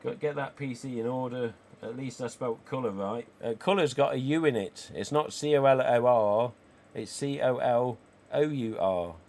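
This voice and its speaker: A man, croaky today, hosting a live stream and chatting cheekily with viewers. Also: mid-range voice, moderate pace, a little mellow. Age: 40s. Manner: chatty and cheeky, with casual swearing. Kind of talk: casual livestream chat reading viewer comments.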